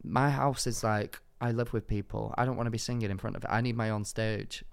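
A young man co-hosting a podcast, chatting casually and excitably and laughing often. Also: lowish voice, a little fast, creaky, clear, resonant tone. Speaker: podcast co-host. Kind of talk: casual chat.

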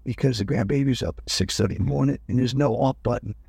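An older man, a guest in an interview, telling rambling personal stories in a relaxed conversational way and often correcting himself mid-sentence. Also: mid-range voice, quick pace, gravelly, breathy edge, no room sound, clean studio sound. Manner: rambling, self-correcting anecdotes.

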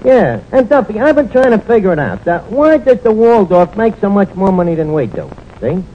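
A man's voice: sits high, big pitch swings, normal speed. A man playing a brash, wisecracking tavern manager in a 1940s radio sitcom, rambling with fillers and mangled words. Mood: fumbling, boastful. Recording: dull noisy 1940s radio transcription.

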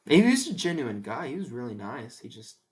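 A young man co-hosts a casual podcast, mostly reacting with short replies and dry, deadpan quips. His voice sits at an ordinary middle pitch. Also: fairly quick, a crowd in the background. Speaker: podcast co-host. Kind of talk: casual banter.

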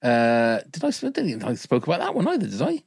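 A man's voice: medium pitch, wildly swooping pitch, fast, vocal fry, darkish tone, breathy edge, no room sound. Dry-sounding chatty male podcast host. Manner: chatty and jokey, laughing often. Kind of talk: casual podcast chat.

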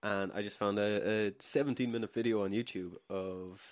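A man's voice: on the low side, fairly even intonation, moderate pace, dry recording, studio quality. A man co-hosting a casual film chat, apologizing for his tangents and laughing often. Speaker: podcast co-host.

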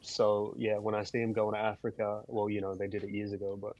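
A man who is a guest musician telling stories in a casual podcast chat, laid-back and quick to laugh. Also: lowish voice, completely flat delivery, darkish tone, lo-fi sound.

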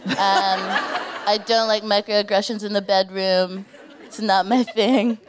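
A woman's voice: mid-range voice, steady tone, slow pace, a crowd in the background, background noise. A woman co-hosting a live comedy podcast, giggly and loose, full of "like" and "um". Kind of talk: comedic chat before a live audience.

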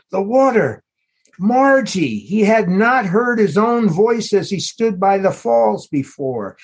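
A man, the author, reading aloud from his novel in a measured, unhurried storytelling manner. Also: high-pitched. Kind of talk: literary reading.

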